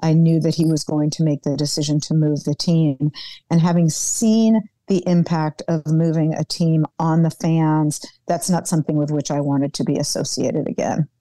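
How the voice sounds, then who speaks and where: A woman being interviewed as a guest on a podcast, who talks in an animated, emphatic way and repeats words for stress. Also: low-pitched, normal speed, no echo. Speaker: guest, former football team executive.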